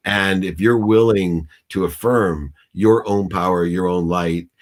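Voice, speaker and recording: A deep-voiced man speaks a little slowly, with fairly even intonation, as a business coach guest on a video call. In this talk interview he tells a personal story in an intense, preachy, animated way, acting out shouting when he quotes someone.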